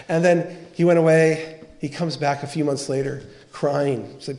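Earnest preacher man, fairly high voice. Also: brisk. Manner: earnest, animated storytelling with quoted dialogue. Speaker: pastor. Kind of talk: sermon.

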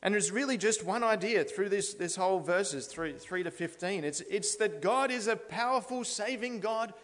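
A man's voice: high voice, normal speed, fairly bright tone. A man preaching an expository sermon in a church, speaking earnestly and building to emphatic declarations. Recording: long reverb of a large hall.

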